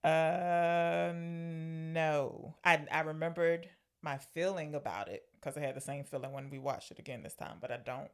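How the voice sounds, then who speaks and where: A woman co-hosting a movie podcast in easy, casual chat. Her voice has a gravelly edge. She pokes at her partner with wry, pointed questions. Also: low-pitched, steady tone, measured pace. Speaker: podcast co-host.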